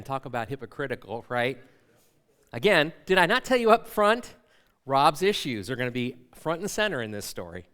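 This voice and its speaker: Middle aged guy pastor telling a story on himself in a sermon, kinda high voice, swings up and down a lot. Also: moderate pace, smooth. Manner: self-mocking, animated storyteller.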